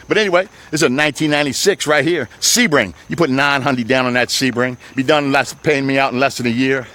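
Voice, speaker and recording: A man selling used cars on his lot in a loud, salesy pitch, calling viewers baby and my people. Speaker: used car dealer. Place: outdoors on a car lot.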